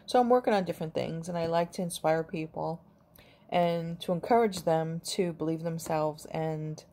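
A woman's voice: sits low, moderate pace, dark tone. A middle-aged woman, a grandmother, chatting casually to camera in a rambling, affectionate way. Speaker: vlogger.

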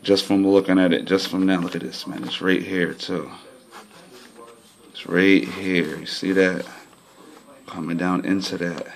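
A man talking casually to his viewers about his lottery system, pointing things out on a chart, by turns excited and frustrated. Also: low-pitched, measured pace, creaky, long pauses. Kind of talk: casual talk to camera.

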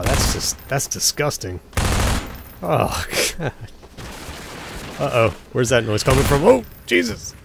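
A young man giving casual, jokey commentary while playing a video game, chatting at the enemies on screen. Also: mid-range voice. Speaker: let's play gamer. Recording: game noise under voice.

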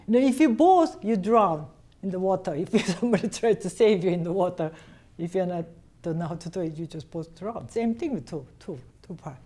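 A woman teaching a cello master class, coaching a student directly in halting phrasing and singing passages on syllables to show them. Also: on the low side, expressive, mellow. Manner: sings phrases on syllables to demonstrate.

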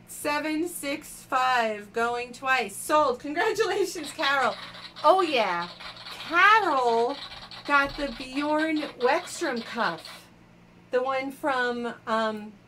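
Woman, live auction host, chatty, bright tone, a bit high, light hiss behind. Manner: chatty, laughing often, addressing viewers by name. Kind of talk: casual live-stream chat.

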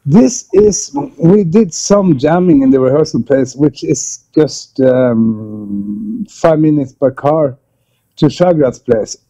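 Man, Norwegian accent, non-native English, mellow voice, slightly dull call audio. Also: a little high, creaky. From Norway. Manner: relaxed, halting, with many fillers and restarts. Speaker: guest musician. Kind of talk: casual remote interview.

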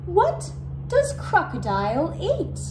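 A woman voicing a curious young baby elephant in a storybook, with a high, eager, squealing voice. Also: huge pitch swings, takes it slowly, echoey room, noisy background, exaggerated voice.

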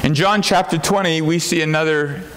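A man's voice: a little high, fairly even intonation, normal speed, a bit bright, slight background noise. A pastor preaching a sermon, earnest and tender in his storytelling, rising to fervent emphasis.

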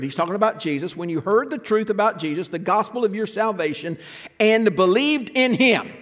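A man's voice: high-pitched, moderate pace, a bit bright. A man preaching a sermon from the pulpit, explaining and asking the congregation questions. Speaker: pastor. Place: church sanctuary. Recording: long church reverb.

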